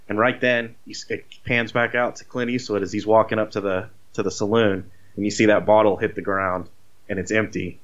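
Low-voiced dude telling a movie story, kinda deep, muffled lo-fi audio. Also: male voice, fairly quick. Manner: rambling, animated storytelling with swearing. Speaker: podcast co-host. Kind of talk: casual chat retelling a movie.

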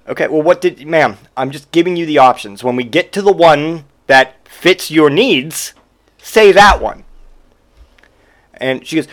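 A man's voice: a little high, animated, moderate pace, fairly bright tone. Exasperated ranting man telling stories. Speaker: podcast host. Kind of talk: comedic storytelling monologue.

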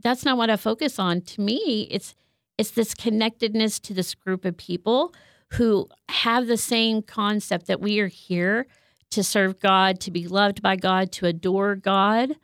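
A woman's voice: mid-range voice, steady tone, a little slow, fairly bright tone, dry recording, studio quality. A woman who works as a counselor, speaking in an earnest, heartfelt way about her faith. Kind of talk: reflective faith talk.

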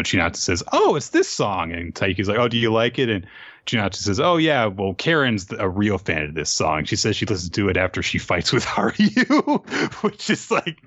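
Low-voiced man recapping manga, dry dull sound. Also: dry recording. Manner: animated, jumps into quick high voices for quoted characters. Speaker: podcast co-host. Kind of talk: casual chat recapping manga chapters.

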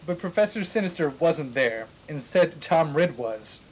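A man's voice: a little high, animated, measured pace, low-quality recording. A man hosting a podcast, reading a text aloud with mock drama for laughs. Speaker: podcast host.

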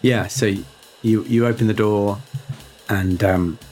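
A man running a tabletop horror game as game master, narrating in a halting way with frequent restarts. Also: on the low side, steady tone, dark tone, faint music behind.

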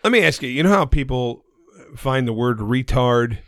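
A man's voice: medium pitch, lively intonation, normal speed, a bit bright, no echo. Blunt, profane male podcast co-host. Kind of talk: crude casual podcast banter.

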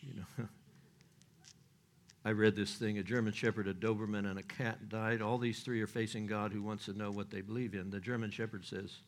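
A man's voice: lowish voice, steady tone, normal speed. An older man preaching a sermon in a folksy, joking way, with loose restarts and chuckles.

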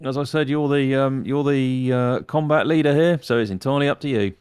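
A man playing in a tabletop game, relaxed and speaking in short, easy replies. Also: mid-range voice, a little fast, clean tone, no echo, clean studio sound. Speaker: player. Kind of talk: casual tabletop play.

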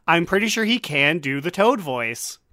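A man's voice: a little high, sing-song, moderate pace, sharp tone, no room sound, clean studio sound. A man co-hosting a casual gaming podcast, rambling and playful with frequent giggles. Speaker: podcast co-host.

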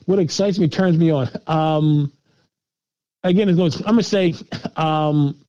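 Middle-aged male interview guest, higher pitch, animated and laughing, lo-fi dry recording. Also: unhurried, no echo. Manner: animated, repeats words while thinking, laughs often. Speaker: guest filmmaker. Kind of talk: casual interview answers. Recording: dull lo-fi dry sound.

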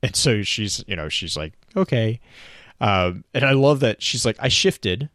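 A man's voice: on the low side, expressive, moderate pace, fairly bright tone, no echo, studio quality. A man co-hosting a podcast, retelling a story in casual chat with many restarts and bursts of laughter. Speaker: podcast co-host.

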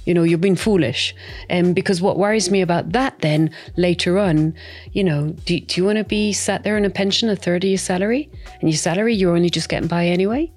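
A middle-aged woman talks in a chatty, animated way, tossing in playful asides as a podcast guest. Her voice sits a little low for a woman. Soft music plays faintly behind her. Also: fast. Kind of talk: casual podcast chat.

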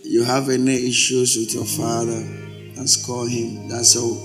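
A man's voice: medium pitch, little pitch movement, unhurried, over music. A male pastor preaching a sermon, emphatic and repeating his exhortations.

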